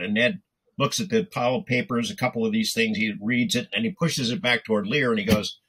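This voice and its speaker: An older man, a TV news reporter and guest, steadily recounting a story in detail, pausing on "uh" as he goes. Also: medium pitch, steady tone, a bit bright, breathy edge, poor audio. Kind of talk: anecdotal storytelling.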